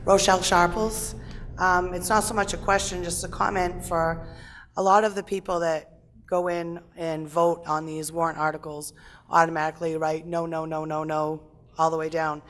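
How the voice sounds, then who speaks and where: Low flat-voiced woman at a town meeting. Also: normal speed, a little hiss or hum. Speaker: resident speaking at town meeting. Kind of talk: public comment.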